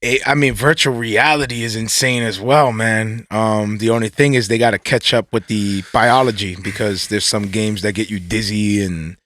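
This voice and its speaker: A man's voice: lowish voice, normal speed, hardly any pauses, no echo. A young man co-hosting a casual chat show, laughing often and jumping between thoughts. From Puerto Rico. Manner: laughs often, animated, restarts mid-sentence. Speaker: podcast co-host.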